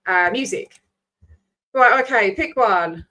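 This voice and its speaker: A woman's voice: mid-range voice, slow, pushed and bright. A woman, rambling casually as she signs off her livestream, swearing freely. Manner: chatty, scattered, swears freely. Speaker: vlogger host.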